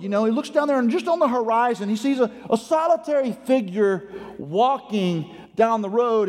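A high-voiced man preaches a sermon, telling a story with dramatic swings from hushed and slow to fast and loud. His voice carries a long reverb through the sanctuary. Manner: dramatic storytelling with sweeping swings in pace and loudness.

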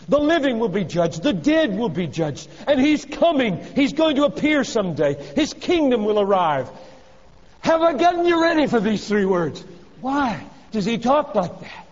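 A man preaching a sermon in a high voice. He presses hard on key phrases, then drops to a low, quiet tone. The recording is dull and carries a long reverb from a large hall. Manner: emphatic, swinging from loud exhortation to hushed low phrases.

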